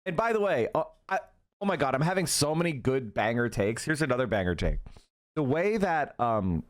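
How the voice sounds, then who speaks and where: Animated, ranting male streamer. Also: medium pitch, normal speed. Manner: animated, profane ranting with tangents. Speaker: streamer host. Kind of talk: live-stream political commentary.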